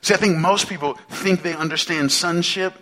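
A male pastor delivers a sermon in a loose, conversational style, turning often to the congregation with questions. His voice is bright, forceful and sits a little high for a man. He leans hard on repeated phrases to drive each point home. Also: normal speed. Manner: emphatic, repeats phrases for stress.

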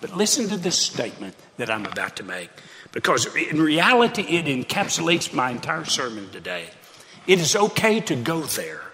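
A man's voice: fairly high pitch, bright, forceful tone, slight background noise. A pastor preaching a sermon in an earnest, conversational way, often repeating his phrases. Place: church sanctuary. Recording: preacher in a reverberant sanctuary.

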